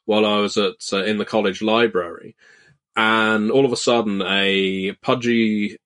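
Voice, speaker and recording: A man's voice: lowish voice, fairly even intonation, normal speed, fairly bright tone. A British man in his thirties telling wry, self-deprecating anecdotes in a casual chat, with frequent hesitations. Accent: British English. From Britain.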